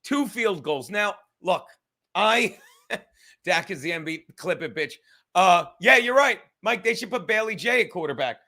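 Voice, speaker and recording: Man, young, comedian host, high voice, bright edge, profane, rambling, at home. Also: expressive, moderate pace. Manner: profane, rambling, self-mocking. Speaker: comedian and sports show host. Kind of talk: casual livestream rant. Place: his apartment.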